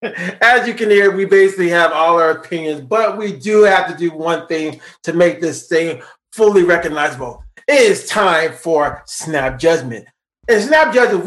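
A man with a fairly high, bouncy voice hosts a casual film chat. He laughs a lot and wanders through his points with restarts. His voice echoes in a roomy space. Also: fairly bright tone. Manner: laughing often, rambling with restarts. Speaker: podcast host. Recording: roomy echo.

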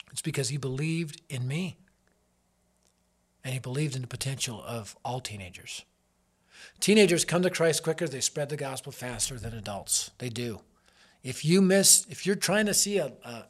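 A man in his fifties, a youth ministry leader giving an earnest, emphatic devotional talk woven with personal stories. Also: on the high side.

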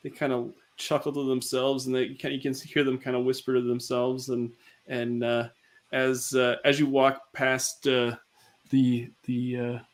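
A man narrating a tabletop game as game master. He speaks slowly and halts often with fillers. His pitch sits in a middle range. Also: completely flat delivery. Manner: hesitant, many fillers.

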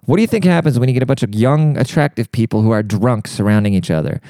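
A man's voice: medium pitch, quick pace, dark tone, no room sound, studio quality. A young man telling a crude, rambling comedic rant, heavy on swearing and fired up. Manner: profane, rambling, fired-up, says dude a lot. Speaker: monologue speaker.

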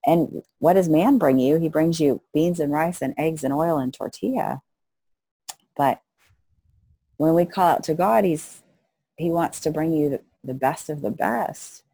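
Speaking unhurriedly in a deep, husky voice, this middle-aged missionary woman is an interview guest who brings her stories to life by performing the voices of those she quotes. The recording is dry.

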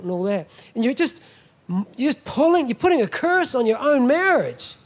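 A man's voice: high-pitched, a little slow, darkish tone. A middle-aged man preaching a sermon as a guest pastor, emphatic and often asking the congregation "Amen?".

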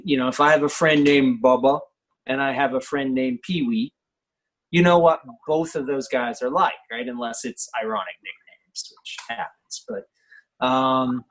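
A man teaching poetry craft as a professor, thoughtful and unhurried, often checking in with the listener and pausing on fillers. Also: mid-range voice, low-quality recording.

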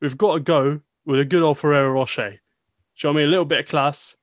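A man's voice: on the high side, fairly even intonation, fast talker, no room sound, clean studio sound, close to an everyday voice. A man putting on a put-on Cockney accent as a cocky London geezer, matey and swaggering.

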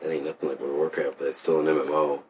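A man's voice: rumbling low, level tone, racing, a little hiss or hum. A young man co-hosting a podcast, chatting in a laid-back, crude, joking way. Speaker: podcast co-host. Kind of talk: casual chat.

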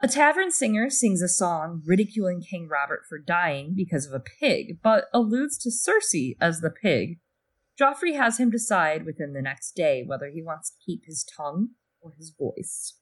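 Young female co-host, dry sarcastic wit, relaxed casual chat. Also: on the low side, normal speed. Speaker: podcast co-host.

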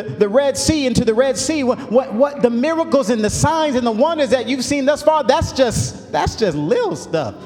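A male pastor preaching a sermon, building up to shouts, with folksy asides. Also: extremely high pitch, big-room sound.

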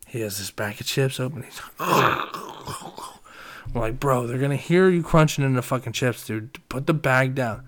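A young man casually telling a story, swearing often and loudly acting out his friends' lines. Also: medium pitch, measured pace. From Reading, Pennsylvania.

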